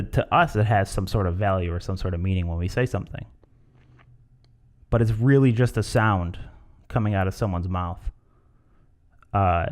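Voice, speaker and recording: A man hosting a podcast alone, rambling casually and acting out different tones of voice. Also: fairly low pitch. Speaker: podcast host. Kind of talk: casual solo podcast talk.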